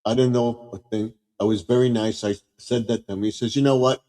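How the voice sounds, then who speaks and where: A man's voice: on the low side, flat delivery, a little fast, dark tone. Easygoing man in a reverberant room. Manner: easygoing, rambling anecdotes with many agreeing murmurs. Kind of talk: casual live stream chat. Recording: voice with long reverb.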